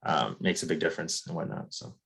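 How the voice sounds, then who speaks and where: A man's voice: rumbling low, animated, quick pace, vocal fry, fairly bright tone, low-quality recording. A man on a video call who asks a course instructor a question, politely and hesitantly, with frequent restarts. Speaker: course member asking a question. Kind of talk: casual Q&A chat.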